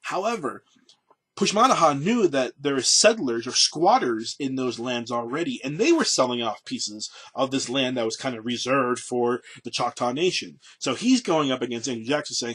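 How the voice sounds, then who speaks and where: A man with a bright, slightly husky voice tells history in a casual, conversational way. He presents a daily segment and talks loosely, with many fillers and restarts. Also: medium pitch, lively intonation, normal speed. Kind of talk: casual spoken history talk.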